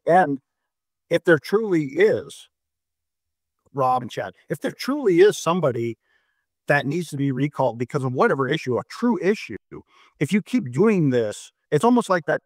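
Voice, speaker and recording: A man's voice: fairly high pitch, sing-song, normal speed, pauses often, no echo, clean studio sound. A middle-aged man from North Dakota, a mayor chatting casually on a discussion show, who often restarts and repeats words and tells anecdotes. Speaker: mayor, guest.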